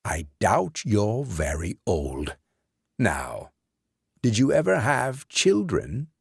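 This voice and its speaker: A man voicing a courteous old grandfather who speaks slowly and formally. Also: fairly low pitch, huge pitch swings, vocal fry, breathy edge, no echo, studio quality, full character voice. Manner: slow, gracious, formal.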